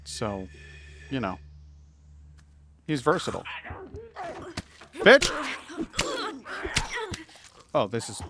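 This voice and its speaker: A man's voice: fairly low pitch, animated, a little slow, pauses often, a crowd in the background. A man from Massachusetts with a New England accent, chatting casually as he streams a video game. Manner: chatty, rambling, self-deprecating asides. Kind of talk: live game commentary.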